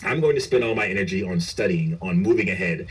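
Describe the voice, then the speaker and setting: Being interviewed, this middle-aged police chief earnestly reflects on his story, restarting frequently. He speaks fast and animatedly in a deep voice. The distant recording carries slight background noise.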